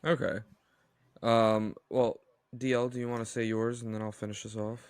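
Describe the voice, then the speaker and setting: A man's voice: mid-range voice, normal speed, clear, resonant tone, no echo. A man hosting a movie podcast, talking casually with frequent "uh" hesitations. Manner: steady, hesitant with "uh" fillers.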